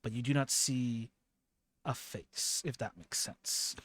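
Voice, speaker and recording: A man narrating a tabletop game as game master, in a slow, halting way. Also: medium pitch, fairly bright tone, husky.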